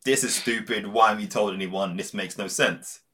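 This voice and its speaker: A man voicing a gruff clawed mutant who is fed up with an old friend, in an exasperated, blunt way. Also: on the low side, brisk, a bit bright, natural voice.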